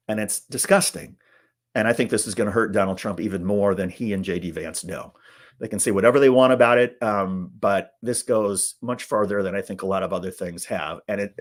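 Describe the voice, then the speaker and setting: A man hosting political commentary, speaking in an indignant, emphatic way. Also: fairly low pitch. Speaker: host.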